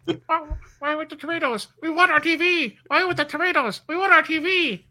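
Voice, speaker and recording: A man's voice: very high-pitched, a little fast, pushed and bright, full character voice. A man voicing a whiny rioter who pleads for his TV back in an improv sketch. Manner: whining, pleading. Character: whiny rioting TV-starved protester.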